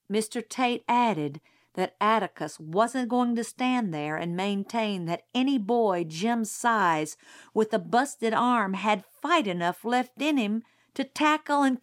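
A woman narrating a novel aloud in a steady storytelling manner. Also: on the high side, slow. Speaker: audiobook narrator. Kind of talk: scripted narration.

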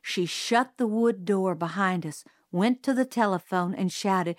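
A woman narrating a storybook aloud in a measured, even storytelling delivery. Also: mid-range voice, dry recording, studio quality. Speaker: audiobook reader.

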